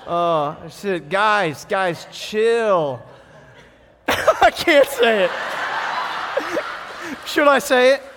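Animated, joking male pastor, storytelling sermon voice, reverberant church hall. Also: high-pitched, extremely slow, long pauses, background noise. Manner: animated, jokey storyteller who acts out voices.

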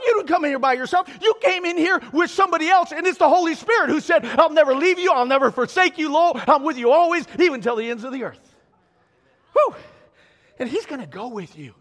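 A man preaching a sermon in a church, animated and exhorting, with call-and-response asides to the congregation. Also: extremely high pitch, fairly quick. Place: church sanctuary. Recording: long reverb of a large hall.

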